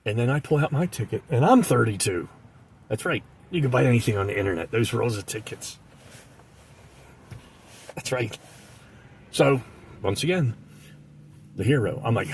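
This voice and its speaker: A man delivering a comic monologue in an animated way, slipping into the voices of the people he describes. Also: medium pitch, moderate pace, creaky, long pauses, slight background noise. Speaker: comedic storyteller.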